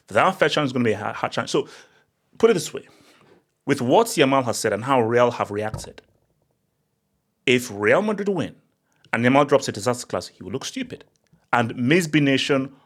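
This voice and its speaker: A man hosting his own football channel, talking casually in an animated, excitable way with frequent restarts and sudden rising outbursts. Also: medium pitch. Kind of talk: casual opinion monologue.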